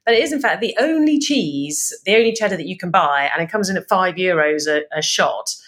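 A woman chats on a podcast, telling stories with animated energy and quick laughs. Her voice sits a little low for a woman. She talks casually and freely. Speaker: podcast co-host.

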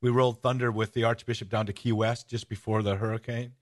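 A man hosting a radio-style podcast, telling stories in a casual, animated way. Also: medium pitch, fast. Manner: storytelling, animated, shouts out rallying cries. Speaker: podcast host. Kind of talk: casual radio-show chat.

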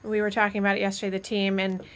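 A woman's voice: mid-range voice, monotone, very fast, a bit bright. Chatty woman hosting a live stream. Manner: chatty, rambling, laughs often. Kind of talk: casual live-stream chat.

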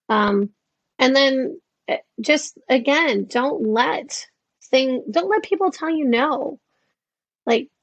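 A woman in her fifties chatting as a guest in an interview, animated and acting out the voices she quotes. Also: on the high side, no echo. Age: 50s. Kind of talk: casual interview chat.

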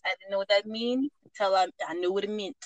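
A 19-year-old woman guest on a podcast, recorded close with a dry, dead sound. She speaks at a middle pitch and drops in quick, teasing asides. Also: no room sound.

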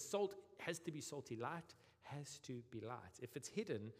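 A young South African man preaching a sermon, lively and humorous, acting out quoted voices. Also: mid-range voice, moderate pace. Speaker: pastor. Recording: long reverb of a church hall.

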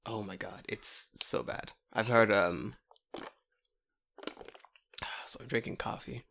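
A man co-hosting a podcast, telling stories in a loose, animated way, swearing often and acting out the people he quotes. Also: on the low side, takes it slowly, creaky. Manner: animated, swears a lot, acts out voices in his stories. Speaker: podcast co-host; English teacher in Japan. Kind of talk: casual storytelling chat.

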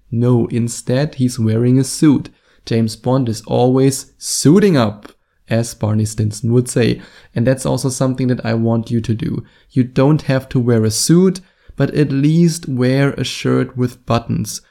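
Brief: German-accented male podcast host, dark gravelly voice, jokey and emphatic. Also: medium pitch, steady tone, moderate pace. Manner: jokey, self-deprecating, emphatic. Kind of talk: casual solo podcast monologue.

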